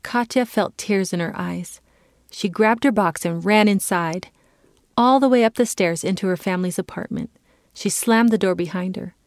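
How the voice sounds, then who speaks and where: A woman giving a calm, clear reading as the narrator of a children's story. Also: mid-range voice, normal speed, no room sound, studio quality.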